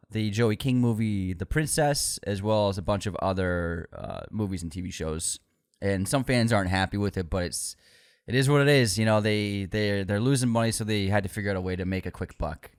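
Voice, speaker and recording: A man's voice: lowish voice, normal speed, clean tone, no echo, clean studio sound. A man co-hosting a podcast, chatting casually about movie news and reading out items. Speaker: podcast co-host.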